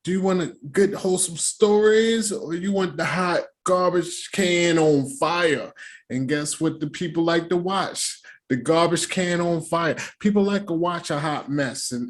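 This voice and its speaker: Slangy, animated man recapping a show. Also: a little high. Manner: slangy, animated, joking asides. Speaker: recap host. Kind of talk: casual reaction recap.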